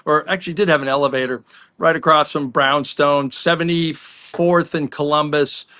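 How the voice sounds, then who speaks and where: Brief: male co-host, higher, bright forceful voice, anecdotal and chatty. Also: steady tone, smooth. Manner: chatty anecdotal storyteller, quick asides. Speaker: podcast co-host. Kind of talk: casual sports talk.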